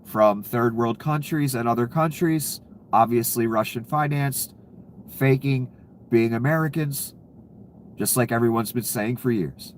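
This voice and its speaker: A man's voice: medium pitch, a little slow, a little hiss or hum. A man giving casual, profane political commentary, ranting and sarcastic, laughing at his own jokes.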